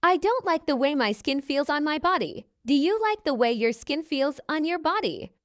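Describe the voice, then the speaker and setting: Brief: high-pitched woman text-to-speech voice, dry, reading viewer messages. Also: animated, moderate pace, dry recording.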